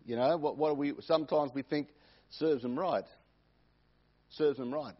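A man's voice: on the high side, a little slow. A man preaching a sermon, repeating key phrases for emphasis. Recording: dull lo-fi recording.

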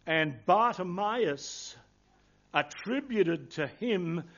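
A man's voice: sits high, animated, extremely slow, fairly bright tone, highs cut off. A man preaching a sermon, earnest and emphatic, quoting scripture in old-fashioned wording.

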